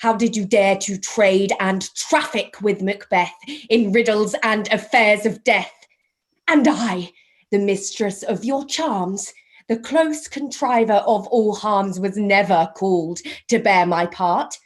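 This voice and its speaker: A woman playing Hecate, a stern queen of witches, in an online Shakespeare reading, speaking verse slowly and deliberately. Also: medium pitch, close to an everyday voice. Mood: scolding. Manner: slow, measured verse delivery.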